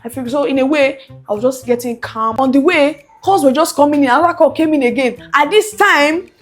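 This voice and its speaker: A woman's voice: high voice, a little fast. A young woman animatedly telling a personal story to her viewers, acting out the other voices. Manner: animated, acts out quoted voices. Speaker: vlogger. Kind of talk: casual storytelling.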